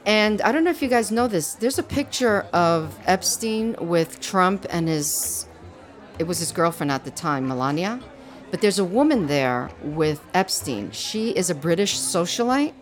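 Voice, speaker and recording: A woman's voice: on the low side, lively intonation, unhurried. A woman with a foreign accent hosting a podcast, talking casually and laying out her points with emphasis. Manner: emphatic, tells the story point by point. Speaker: podcast host. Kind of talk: casual chat.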